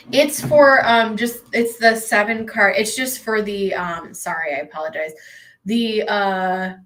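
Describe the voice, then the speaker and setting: A woman's voice: medium pitch, fairly bright tone, low-quality recording. Young woman, live tarot host; casual, emotional, meandering delivery with frequent restarts. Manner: emotional, rambling, with many fillers and restarts. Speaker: tarot reader hosting a live stream. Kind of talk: casual live-stream chat.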